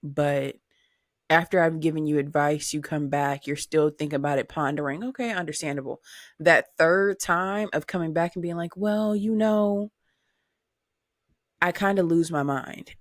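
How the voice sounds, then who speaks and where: A woman in her twenties hosting a solo podcast, talking candidly and animatedly, with swearing and high-pitched mimicry of other people. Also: normal speed, no echo, clean studio sound. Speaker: podcast host.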